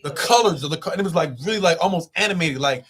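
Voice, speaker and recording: A young man telling a road story in casual, animated talk, swearing as he goes. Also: sits high, breathy edge. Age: young adult. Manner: animated, swearing, quick rambling with loud swings. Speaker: guest.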